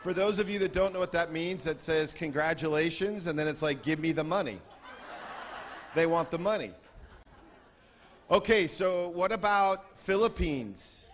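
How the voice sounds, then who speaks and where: A man speaking on stage at a convention, playfully calling out to groups in the crowd and shouting greetings. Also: on the high side, a little slow, a little hiss or hum. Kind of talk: lively stage address to a crowd. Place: large convention hall with a crowd.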